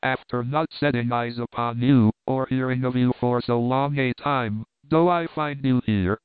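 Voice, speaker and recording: A man's voice: mid-range voice, fairly even intonation, a little slow, clear, resonant tone, no room sound, lightly acted. A man voicing a tearful, devoted English spinster sister in a storybook reading, in a pleading, plaintive manner. The recording is dry and tinny. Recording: dry tinny phone-like sound.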